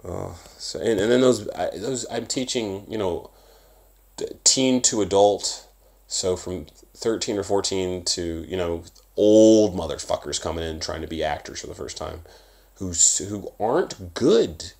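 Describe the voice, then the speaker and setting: Gravelly low-voiced man ranting casually. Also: measured pace. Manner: profane, animated, swings between loud and mumbled. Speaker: vlogger. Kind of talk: casual rambling monologue.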